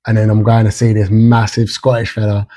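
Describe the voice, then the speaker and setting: Brief: male podcast host, relaxed dark tone, plain-spoken and swears freely. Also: lowish voice, a little fast. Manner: frank and casual, swears freely. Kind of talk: casual podcast interview.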